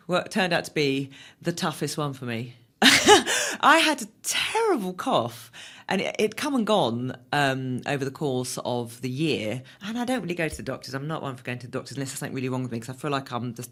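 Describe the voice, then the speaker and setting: A middle-aged woman as an interview guest, telling stories in a casual, animated way and laughing often. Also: extremely low pitch, normal speed.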